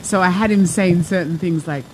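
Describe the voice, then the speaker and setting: Woman host, a life coach, telling stories casually, mid-pitched voice, animated and rambling. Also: moderate pace, slight background noise, rough recording. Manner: lively, chatty storytelling with many asides. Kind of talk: talk show monologue.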